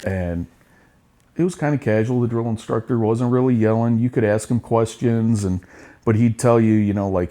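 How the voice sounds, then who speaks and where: A man's voice: medium pitch, normal speed, mellow. A middle-aged man, a Marine veteran, telling war stories in a casual interview, blunt and profane with bursts of laughter.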